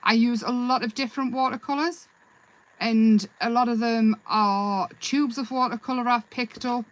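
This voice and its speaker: A woman with a slightly high voice hosts a live craft session. She chats casually and rambles a little, breaking off to answer viewers' comments. Her tone stays relaxed and self-deprecating. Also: normal speed, rough recording. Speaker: craft livestream host. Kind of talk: live craft demonstration and chat.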